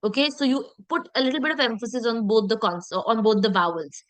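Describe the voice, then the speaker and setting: A woman teaching an online French lesson, explaining step by step and often checking in with her students. She slows down to model French words carefully. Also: fairly high pitch, no echo, low-quality recording.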